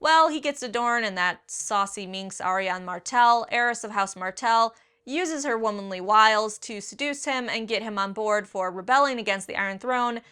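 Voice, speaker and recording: A woman hosting a countdown video, talking excitably, swearing freely and acting out quotes. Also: on the high side, moderate pace, hardly any pauses, clear, resonant tone. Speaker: book video host. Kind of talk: enthusiastic countdown commentary.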